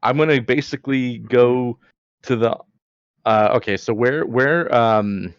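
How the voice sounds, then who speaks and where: A man's voice: mid-range voice, a little slow, clean tone, dry recording, highs cut off. A man playing a tabletop game, explaining his plan hesitantly and rambling with laughs. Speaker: player. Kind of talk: casual tabletop play.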